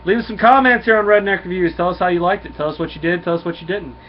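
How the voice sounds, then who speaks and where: Folksy comic reviewer. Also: male voice, high-pitched, racing. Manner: relaxed, folksy, many fillers. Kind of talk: casual comic review and read-through. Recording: dull lo-fi with faint hum.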